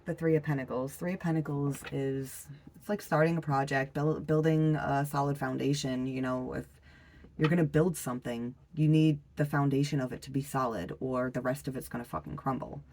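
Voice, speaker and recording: A tarot reader giving a casual reading, unhurried and full of pauses and fillers, blunt and swearing now and then. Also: medium pitch, fairly even intonation, darkish tone, a little hiss or hum. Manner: loose and unhurried, frequent fillers and trailing pauses; blunt, with the odd swear word.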